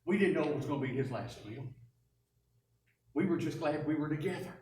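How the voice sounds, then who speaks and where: A woman preaching a first-person dramatic sermon, telling the story in an animated, wry way. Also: low-pitched, a little fast. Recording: echoey church from a distance.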